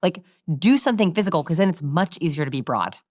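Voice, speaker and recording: A woman in an interview, explaining body language in an animated, demonstrative way. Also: fairly low pitch, quick pace, no echo, studio quality. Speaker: guest expert on body language.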